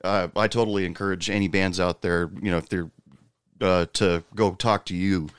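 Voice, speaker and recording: A man hosting a casual interview, hesitant and quick to laugh. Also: deep voice, fairly even intonation, clean tone, no echo, clean studio sound. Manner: hesitant, lots of fillers, laughs easily. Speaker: podcast host.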